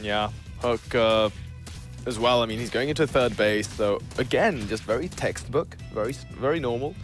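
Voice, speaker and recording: A man commentating a strategy game as a caster, joking dryly with his co-caster between steady, analytical calls. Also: medium pitch, moderate pace, soft background music. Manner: dry joking banter, then steady analysis. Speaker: esports caster.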